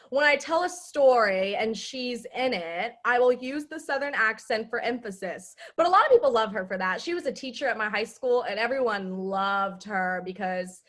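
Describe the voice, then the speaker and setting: A young woman chatting casually on a video call, telling stories in an animated, excitable way. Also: on the high side. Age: young adult. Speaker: student club member.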